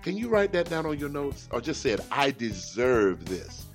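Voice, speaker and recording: A middle-aged man hosts a motivational talk show as a life coach, sounding preachy and animated and acting out little voices. His voice sits a little high with vocal fry, he talks fast, and soft music plays in the background.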